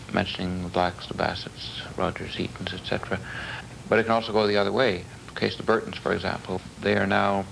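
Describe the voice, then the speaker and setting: Gravelly, low-voiced interviewer, noisy tape. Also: male voice, a bit bright. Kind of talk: documentary interview questions. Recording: noisy old television audio.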